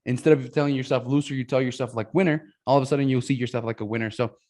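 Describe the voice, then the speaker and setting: A man's voice: mid-range voice, fairly even intonation, very fast, darkish tone. A man hosting a podcast, talking enthusiastically and tagging his points with "man" and "right?". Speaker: podcast host. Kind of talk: casual interview talk.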